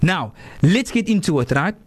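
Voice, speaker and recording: A man hosting a radio talk show, animated and repetitive, often checking in with "right?". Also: sits high, moderate pace. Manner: animated, repeats words, asks "right?" often.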